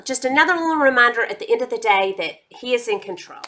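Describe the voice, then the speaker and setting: Bright, chatty woman vlogger. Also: fairly high pitch, animated. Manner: chatty and enthusiastic, quick asides. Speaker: beauty and lifestyle vlogger. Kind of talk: casual monthly favorites chat.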